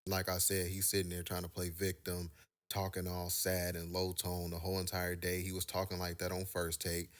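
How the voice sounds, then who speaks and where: A man's voice: sits low, monotone, moderate pace. A man giving casual opinion commentary as a YouTube commentator, opinionated, slangy and conversational.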